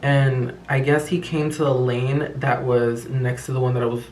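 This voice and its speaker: A man's voice: mid-range voice, flat delivery, normal speed, darkish tone, a little hiss or hum. A young man telling a rambling, slang-filled, profane story in a casual vlog. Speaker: vlogger. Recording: echoey room.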